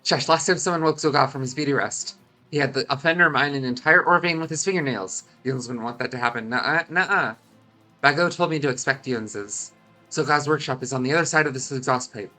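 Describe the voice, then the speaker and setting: A Scottish man voicing a nervous little kobold doorkeeper who talks hushed with a folksy dialect and repeats himself. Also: medium pitch, brisk, soft background music, natural voice.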